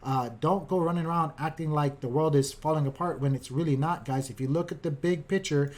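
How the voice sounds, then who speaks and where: A man, a father of a young child, giving a casual, upbeat market recap in quick, chatty commentary. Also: on the high side, steady tone, a little mellow. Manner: upbeat, keeps saying "guys", talks fast.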